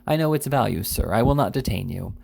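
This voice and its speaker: A man reading the part of a grave, pompous gentleman who flatters his guest in formal speech full of "sir". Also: medium pitch, brisk, vocal fry, slightly rough, heavily acted. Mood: fawning.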